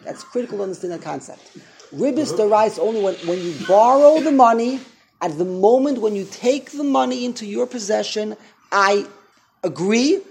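Gravelly male rabbi-teacher, animated lecture, repeats himself. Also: sits high. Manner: animated, repeats and restarts phrases. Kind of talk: Torah class lecture.

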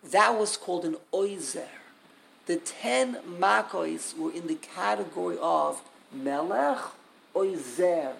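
Male Torah teacher, gravelly voice, emphatic and repetitive, climbs to loud peaks. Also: high voice, slow pace, a little hiss or hum, poor audio. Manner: emphatic, repeats key words, builds to loud peaks. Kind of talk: Torah class.

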